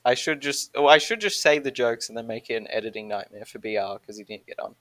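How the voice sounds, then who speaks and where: A man's voice: medium pitch, fast, fairly bright tone, no echo. Laughing Australian man, dry sound. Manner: rambling, self-interrupting, laughs often mid-sentence. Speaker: podcast guest. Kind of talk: casual chat.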